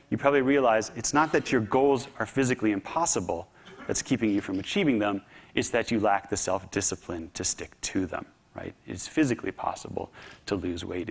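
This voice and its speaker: A man giving a public talk, telling a story with humor and lively delivery. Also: on the low side, creaky, breathy edge. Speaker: speaker.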